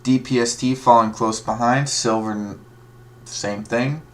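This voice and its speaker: A man's voice: mid-range voice, steady tone, a little slow, slight background noise. Casual man calling stock moves live. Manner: casual, rambling, reads ticker moves aloud. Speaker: livestream stock trader. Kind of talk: live market commentary.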